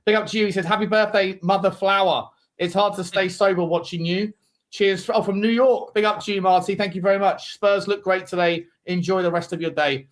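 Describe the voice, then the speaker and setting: A man's voice: high-pitched, fairly even intonation, brisk. Tipsy, boisterous male stream host. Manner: boisterous, jokey, shouting out donors. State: tipsy from drinking. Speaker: watchalong host. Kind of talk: casual live-stream chat.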